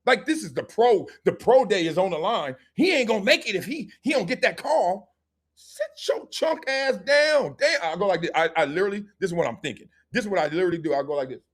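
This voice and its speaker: A middle-aged man hosts a live sports talk stream with a high voice that swoops all over the place. He jokes, uses street slang and acts out scenes as he talks. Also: sing-song, fast. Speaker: host.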